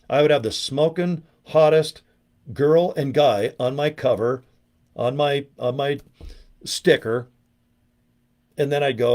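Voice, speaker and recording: A man giving a rambling, brash and profane motivational sales pitch, breaking into mocking voices as he goes. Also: unhurried, long pauses, darkish tone. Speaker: network marketing promoter.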